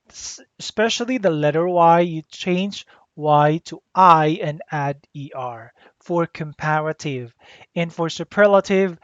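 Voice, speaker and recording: A teacher giving a grammar lesson, deliberately spelling out letters and repeating the rules. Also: mid-range voice, dry recording. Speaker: English teacher. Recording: dull lo-fi dry recording.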